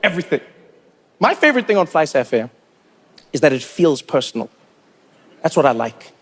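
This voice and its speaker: A man, doing an animated stand-up routine full of incredulous questions. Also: on the high side, moderate pace, slightly rough. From South Africa. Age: 40s. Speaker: stand-up comedian.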